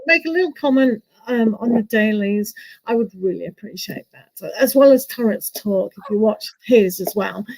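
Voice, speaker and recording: A woman's voice: mid-range voice, moderate pace, darkish tone, rough recording. A woman hosting a live tarot stream, chatty and self-mocking, laughing often as she talks. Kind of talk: casual live stream chat.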